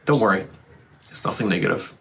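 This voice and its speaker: Irish guy talking outside, kinda low voice, earnest and reflective, loads of birds chirping behind. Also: animated, a little fast, vocal fry, a little hiss or hum, poor audio. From Ireland. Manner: thoughtful, earnest, building to heated. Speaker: vlogger. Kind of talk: reflective casual monologue. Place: outdoors with birdsong in the morning. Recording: outdoor recording with loud birdsong. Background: loud birdsong.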